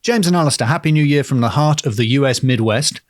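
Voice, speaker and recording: A man's voice: medium pitch, fast talker, no echo. Man, English accent, podcast co-host, jokey banter, dry close mic. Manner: playful, jokey, reads a listener letter aloud. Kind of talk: casual comedic chat.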